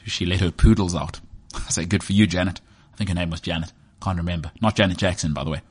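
Self-mocking South African man, lowish voice. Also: fast talker, husky. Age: 30s. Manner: joking, self-mocking, drifts off topic. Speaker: sports podcast host. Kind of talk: rambling comic monologue.

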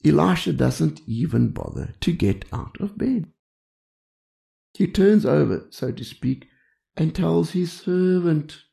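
An older male preacher tells humorous anecdotes in a conversational sermon. His voice is deep with heavy gravel and a mellow warmth. His pitch rises and falls in lively swings. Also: slow pace. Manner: frequent "you see" asides. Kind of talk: storytelling sermon.

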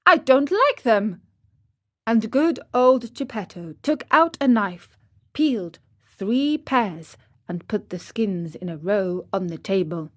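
Unhurried woman storyteller. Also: medium pitch, animated, a little mellow, dry recording, clean studio sound. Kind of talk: scripted children's story narration.

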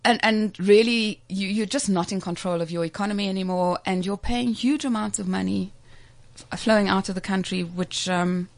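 A woman's voice: mid-range voice, steady tone, moderate pace, creaky. A woman co-hosting a casual radio talk on markets, chatty and laughing often as she explains. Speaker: market commentator co-host.

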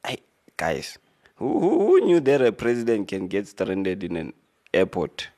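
A man hosting a radio show, reading out a news article with relaxed, rambling commentary and joking asides. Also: fairly low pitch, normal speed. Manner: laid-back, rambling, joking asides with fillers.

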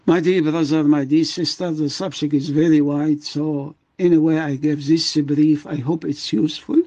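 A man's voice: fairly high pitch, fairly even intonation, moderate pace, mellow, highs cut off. An older man, a guest doctor, speaking with emotion and emphasis in a radio interview, often repeating his words. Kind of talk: impassioned radio interview talk.

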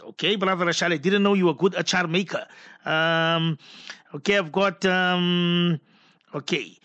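Male radio presenter, high and bright, casual and chatty, thinks aloud on air. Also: steady tone, moderate pace, dry recording, highs cut off. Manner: chatty, muses aloud and stumbles over pronunciations. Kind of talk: casual on-air chat reading listener messages.

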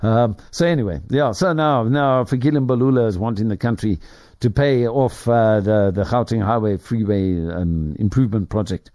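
A man's voice: lowish voice, moderate pace, dark tone, no echo, studio quality. A man hosting a talk show, telling a rambling story full of restarts and chuckles. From Ireland. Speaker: radio talk host. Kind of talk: casual rambling monologue.

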